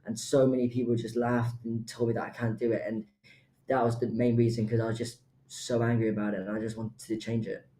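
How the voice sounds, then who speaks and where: Young male guest, flat and mellow, earnest, echoey recording. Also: medium pitch, brisk, a little hiss or hum. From United Kingdom. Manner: earnest, stammers at times. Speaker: guest podcaster. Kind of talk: emotional personal story. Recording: roomy echo.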